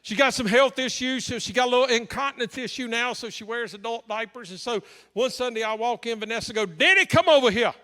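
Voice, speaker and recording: A male pastor preaching through a story, humorous and anecdotal. His voice sits high for a man and sounds bright and forceful. It carries through a large church hall with a long reverb. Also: fairly even intonation, fast, few pauses. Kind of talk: sermon storytelling.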